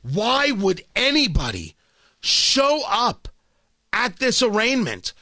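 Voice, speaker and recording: A man's voice: high voice, huge pitch swings, slow pace, pushed and bright, no echo. A man hosting a talk radio show, delivering an emphatic, sarcastic monologue that hammers points through repetition, from a studio microphone. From Indianapolis. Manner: emphatic, sarcastic, repeats phrases for punch.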